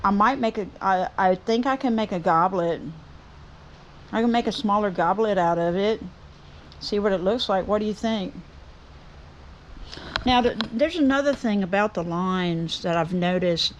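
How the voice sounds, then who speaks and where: A middle-aged Southern woman rambles along in a folksy, chatty way. She talks to her viewers from her woodturning workshop, at a middle pitch. A faint hum of noise sits behind her voice. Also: normal speed, pauses often, dull audio. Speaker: woodturning vlogger. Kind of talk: casual chat to camera. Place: home workshop.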